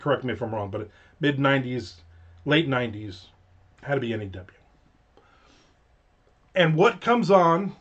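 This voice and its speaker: A man hosting his own show, spinning a loose, wandering story full of side tangents and the odd curse word. His voice sits at an ordinary middle pitch, and the audio sounds a bit dull and lo-fi. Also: a bit bright. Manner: rambling, profane, digressive anecdotes. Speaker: show host. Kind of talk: casual storytelling.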